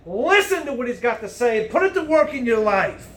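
Male preacher, high voice, loud and emphatic, faint noise in the room. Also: big pitch swings, brisk. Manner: loud, emphatic, swings between booming and hushed. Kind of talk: sermon.

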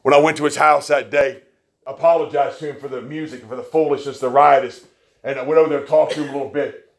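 A man preaching a sermon, telling stories with folksy, joking asides and swinging between quiet remarks and loud emphasis. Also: mid-range voice, fairly even intonation, quick pace.

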